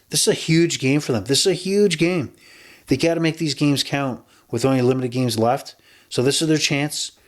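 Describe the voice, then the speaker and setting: A man hosting a podcast, giving casual sports betting picks in a chatty, rambling way with frequent self-corrections. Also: medium pitch. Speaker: podcast host.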